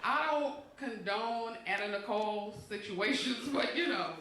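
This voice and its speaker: A woman's voice: on the high side, a little slow, a bit bright. A middle-aged woman doing a stand-up set, telling stories in a brassy, sassy way and acting out the voices of the people in them. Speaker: stand-up comedian. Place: comedy club stage. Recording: roomy club echo from a distant mic with crowd. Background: audience laughter.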